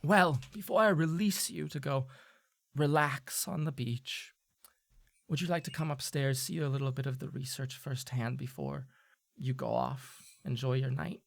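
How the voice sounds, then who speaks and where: A man voicing a composed female doctor in a tabletop game, speaking in a calm, quietly teasing way. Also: a bass voice, moderate pace, creaky, exaggerated voice. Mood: sly. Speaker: researcher.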